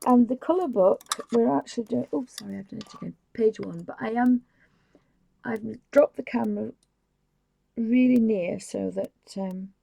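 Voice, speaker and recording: A woman's voice: on the high side, normal speed, gravelly, mellow. A woman hosting a live painting tutorial, chatting casually and often dropping to a whisper, with rambling, apologetic asides at her home desk. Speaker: craft channel host.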